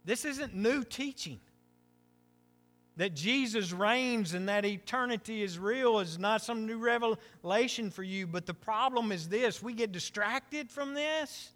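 A man's voice: high voice, measured pace, a bit bright. A middle-aged male pastor preaching a conversational sermon with self-deprecating humor and frequent asides.

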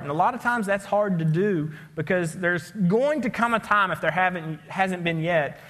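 A man's voice: sits high, fairly bright tone, in a large hall. A man preaching a sermon in a church, conversational and joking, often checking in with his listeners. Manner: conversational and joking, keeps asking "okay?". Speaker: pastor. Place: church sanctuary.

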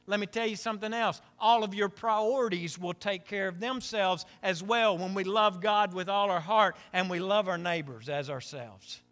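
A man's voice: high-pitched, normal speed, few pauses, fairly bright tone. A middle-aged male pastor preaching a conversational sermon with self-deprecating humor and frequent asides.

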